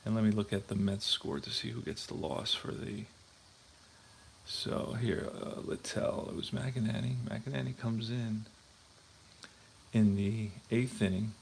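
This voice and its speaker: A man's voice: on the low side, a little slow, creaky, a little hiss or hum. A man hosting a tabletop baseball replay, chatting casually and thinking aloud as he checks scorebooks. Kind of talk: casual talk while playing.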